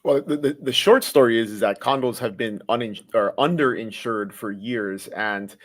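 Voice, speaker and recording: A man on a real estate panel, explaining how insurance affects condo lending in a measured way. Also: on the low side. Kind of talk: explanatory discussion.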